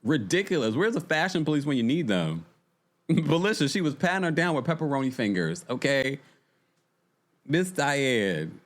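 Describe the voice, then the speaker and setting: Animated man hosting a reality recap. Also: on the high side. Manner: exasperated, animated, chatty, talks to the chat. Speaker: podcast host. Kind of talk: casual reality TV recap chat.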